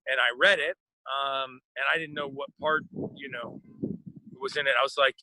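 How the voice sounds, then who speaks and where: An American actor chatting casually in an interview, rambling with lots of fillers and restarts. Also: male voice, mid-range voice, steady tone, normal speed, pushed and bright, no echo, rough recording. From United States.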